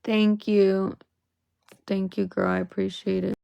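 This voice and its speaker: A young woman talking to her viewers on a livestream. She is emotional and swears freely, and her voice rises into exasperated outbursts. Her voice sits at a middle pitch and sounds dry and close. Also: flat delivery, a little slow, vocal fry, warm tone, clean tone, dry recording, lo-fi sound. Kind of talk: casual livestream chat.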